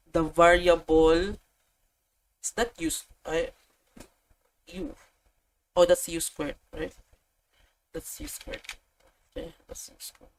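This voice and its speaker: A woman tutors math in a casual walkthrough, thinking aloud, correcting herself and adding chatty asides as she works problems. Her voice is fairly low with vocal fry, and the rough recording has slight background noise.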